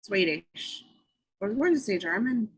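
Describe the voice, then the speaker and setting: A woman reading a gruff fifty-year-old Belfast man. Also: mid-range voice, lively intonation, normal speed, no room sound. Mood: needling. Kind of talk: amateur script table read.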